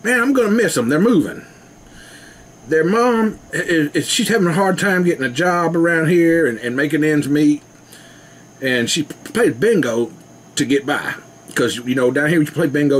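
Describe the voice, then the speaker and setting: A man's voice: a little high, slight background noise. A man rambling casually to his camera at home, laughing often. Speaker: vlogger. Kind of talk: casual rambling video chat.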